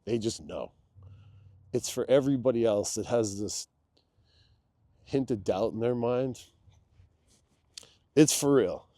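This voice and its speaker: A man guesting on a podcast, telling a personal story in a loose, candid way, dropping to a hush when he quotes someone. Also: medium pitch, slow, long pauses, no room sound, studio quality. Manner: loose and candid, drops into a hushed voice when quoting. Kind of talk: casual conversational storytelling.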